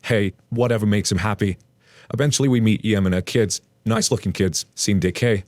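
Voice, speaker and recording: A man's voice: fairly low pitch, brisk, darkish tone, no echo. A man hosting a channel where he reads online stories aloud and adds blunt, casual commentary with the odd swear word. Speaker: narrator and host.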